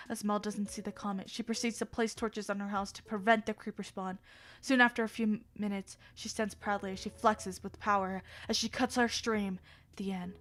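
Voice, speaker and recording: With soft music playing behind her, a young woman streamer performs fan fiction on a livestream, reading it in a lively, dramatic way at a moderate pace. Her voice is mid-range, and she keeps breaking off for laughs and side comments.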